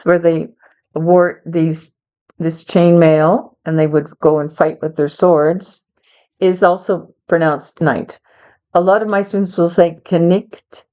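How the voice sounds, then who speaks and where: A woman teaches English to learners, spelling out words and explaining them with patience and encouragement. She speaks very slowly and deliberately in a slightly low voice. The recording sounds a little dull and lo-fi. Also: darkish tone. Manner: patient, encouraging, talks to a child helper.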